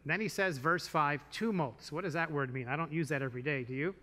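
A man's voice: a little high, brisk, sharp tone. A man preaching a sermon as pastor, conversational and full of rhetorical questions, in a church. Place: church sanctuary. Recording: long church hall reverb.

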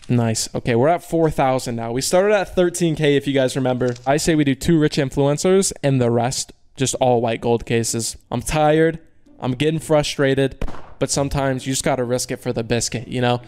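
A young man giving casual commentary on opening online cases, groaning at losses and cheering at wins, talking in slang to his viewers. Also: mid-range voice. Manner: swings between groaning frustration and loud cheering. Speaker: case-opening video host. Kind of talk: excited gaming commentary.

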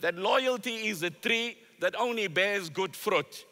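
High, bright-voiced man preaching in a hall. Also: a little slow. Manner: emphatic, repeats key phrases, quotes Arabic and Urdu verses. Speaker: Islamic preacher. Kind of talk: sermon. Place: large convention hall. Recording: long hall reverb.

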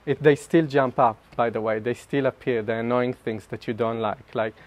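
Animated man giving a spiritual talk. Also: medium pitch, moderate pace. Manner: animated and self-mocking, laughing often mid-sentence. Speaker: speaker sharing at a group retreat.

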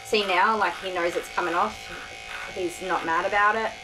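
A woman's voice: on the low side, fairly even intonation, moderate pace, background noise. A tired woman, a dog groomer chatting casually to the camera on a tripod while soothing a dog. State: tired, sore back. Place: grooming room. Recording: clippers buzzing behind.

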